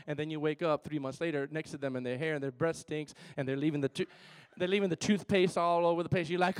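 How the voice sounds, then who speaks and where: A man preaching a sermon in an animated, playful way, moving between loud and soft. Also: on the high side, quick pace. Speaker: pastor.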